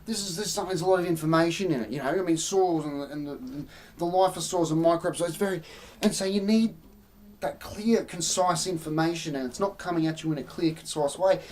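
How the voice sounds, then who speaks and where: Australian woman live-streaming, low-ish mellow voice, opinionated off-the-cuff rambling to chat. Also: brisk, a little hiss or hum. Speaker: livestream host. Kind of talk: casual live-stream commentary.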